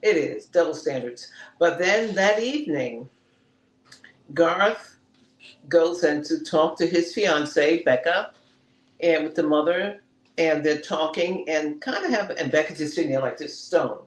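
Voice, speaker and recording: A man with a fairly high voice chats through a TV episode, scene by scene, and slips into the characters' lines as he tells it. The room gives his voice a clear echo. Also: measured pace. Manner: animated, retells scenes and acts out the characters' lines. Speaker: podcast co-host reviewing a TV episode. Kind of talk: casual review chat. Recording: roomy echo.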